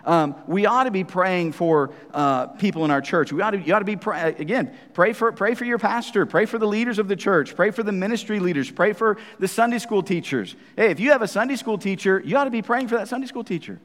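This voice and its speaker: A man's voice: high voice, lively intonation, fairly quick, hardly any pauses, a bit bright, big-room sound. A man preaching a sermon as pastor, talking conversationally to the congregation and often checking in with "right?" asides.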